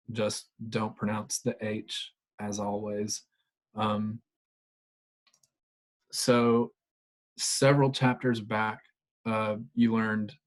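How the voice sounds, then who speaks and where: Male teacher, unhurried monotone delivery, filler-heavy explanations. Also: mid-range voice. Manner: relaxed, explanatory, many fillers. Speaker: Spanish teacher. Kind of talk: recorded grammar lesson.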